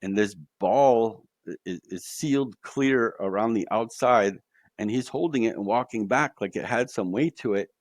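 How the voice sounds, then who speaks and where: Slangy, animated man telling a story, dry sound. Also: on the low side, moderate pace, dry recording. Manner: animated, slangy, says "bro" often. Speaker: podcast guest. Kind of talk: casual storytelling.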